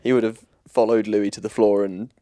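A man's voice: lowish voice, level tone, fairly quick, warm tone, no echo, clean studio sound. A young man with a Leicester accent, co-hosting a podcast in laid-back, playful chat. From England. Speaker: podcast co-host. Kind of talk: casual chat.

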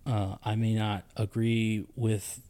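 A man in his thirties chatting on a podcast about army life. He tells his story with animation, and his pitch jumps when he turns indignant. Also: flat delivery, takes it slowly, dark tone. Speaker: podcast co-host, army soldier. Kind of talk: casual podcast chat.

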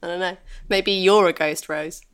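A woman hosting a casual chat and running a game, playful and quick to laugh. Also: lowish voice, steady tone, smooth. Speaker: podcast host running a game.

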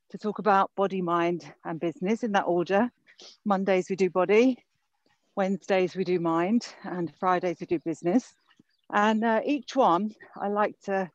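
A woman's voice: mid-range voice, dry recording. A woman hosting an interview while walking in a park, out of breath and chatty. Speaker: podcast host. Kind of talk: casual interview. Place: outdoor park. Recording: dull lo-fi recording.

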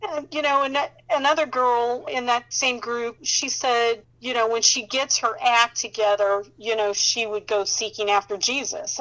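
High-voiced woman sharing a faith story. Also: low-quality recording. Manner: animated storyteller who laughs often and acts out dialogue. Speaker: Christian counselor sharing her testimony. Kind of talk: casual faith testimony storytelling.

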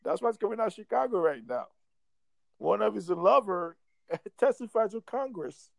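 A man's voice: sits high, animated, normal speed, gravelly, no echo. A man in casual chat who talks in a rambling, profane way and laughs often.

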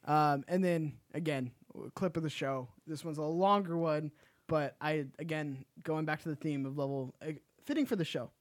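A man hosting a podcast, introducing clips in a halting way with fillers and dry jokes. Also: fairly high pitch, steady tone, no echo. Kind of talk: casual podcast chat.

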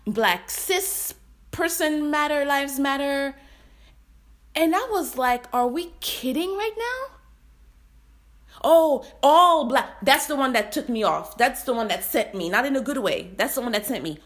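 A woman's voice: high voice, animated, normal speed. A young adult woman giving impassioned personal commentary, heated and blunt, swearing freely.

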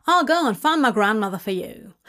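A cheerful young woman, as a reader voices her speaks brightly and politely. Her voice sits high and lifts when she calls out, in a read-aloud fanfic story. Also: lively intonation, fairly quick. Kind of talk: fanfic audiobook reading.

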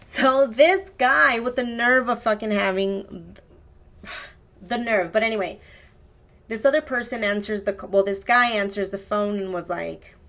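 A woman's voice: mid-range voice, a little slow, a bit bright. A woman hosting her own podcast, telling a long story in a casual, rambling way, swearing and correcting herself as she goes. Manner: rambling, profane, self-correcting. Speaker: podcast host.

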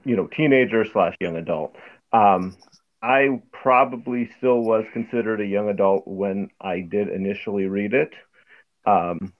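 A man guest on a book podcast, speaking thoughtfully with many pauses and ums. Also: on the low side. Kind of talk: casual book club chat. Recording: dull lo-fi sound.

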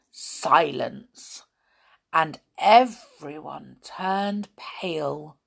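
A woman reading a children's story aloud, expressive, with dramatic hushes and gasps. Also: fairly low pitch.

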